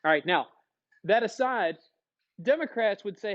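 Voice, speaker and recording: A man teaching a classroom lecture, lively, acting out short dialogues as he explains. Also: sits high, measured pace, long pauses, highs cut off. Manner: animated, acts out little dialogues.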